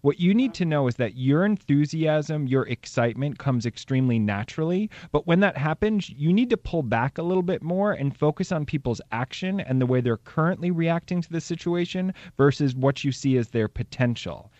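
A man's voice: fairly high pitch, expressive, moderate pace, hardly any pauses, darkish tone, no room sound, muffled recording. A man hosting a call-in radio show and giving psychic readings, chatty and upbeat, laughing easily. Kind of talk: casual call-in radio talk.

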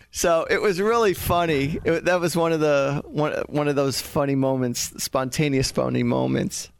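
A man's voice: a little high, normal speed, gravelly, hardly any pauses, smooth, no echo. A man, a psychic medium, chattily telling funny stories and laughing often. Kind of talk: casual storytelling.

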